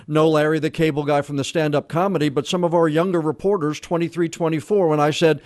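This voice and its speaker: A man's voice: on the high side, fairly even intonation, fast talker, darkish tone, no echo, clean studio sound. A man interviewing a guest for a newspaper, asking long, chatty questions. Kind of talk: casual interview.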